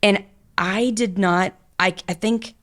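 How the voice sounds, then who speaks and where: A woman's voice: medium pitch, fairly even intonation, takes it slowly, a bit bright. A middle-aged woman guest on a podcast, telling her story frankly and openly in long, run-on conversational stretches. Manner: frank and open, talks in long run-on stories. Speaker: podcast guest, business owner.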